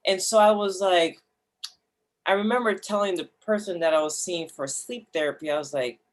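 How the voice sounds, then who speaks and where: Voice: medium pitch, moderate pace. Young adult guest, candid and emotional storytelling, swears freely, mid-range voice. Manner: emotional, swearing, restarts, acts out inner voices.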